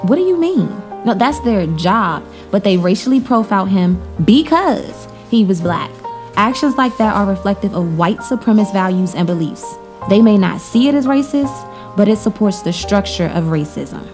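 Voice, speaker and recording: A woman's voice: medium pitch, sing-song, moderate pace, a little mellow, soft background music, close to an everyday voice. An actress playing an outspoken young woman interior designer, blunt and profane. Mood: indignant. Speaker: Denise.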